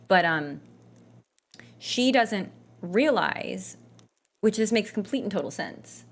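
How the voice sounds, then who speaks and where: A woman's voice: medium pitch, expressive, slow. A woman gaming vlogger chatting casually and rambling, with lots of fillers and restarts. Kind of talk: casual chat while gaming.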